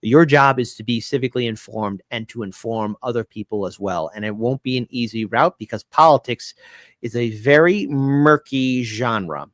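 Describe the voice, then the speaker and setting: A man, a guest on a talk show, telling an emotional personal story in an earnest, halting way with many restarts. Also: medium pitch, no room sound, studio quality.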